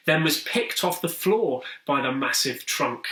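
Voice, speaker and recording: A man reads a rhyming children's story slowly, in a bright, sing-song rhythm. He sounds roomy and a bit distant from the mic, with a clear echo. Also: a little high, expressive.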